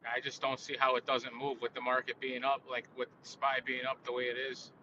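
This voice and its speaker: Crude bright-voiced man on a muffled call. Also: mid-range voice, monotone, fairly quick. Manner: crude, swearing, says dude a lot. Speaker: day trader on a group stream. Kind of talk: casual banter. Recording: dull lo-fi call audio with faint noise.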